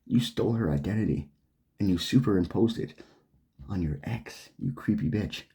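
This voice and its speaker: A man's voice: low-pitched, moderate pace, gravelly, mellow. A man delivering an angry, profane, sarcastic rant straight to the camera. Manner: swearing, heated, sarcastic. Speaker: vlogger.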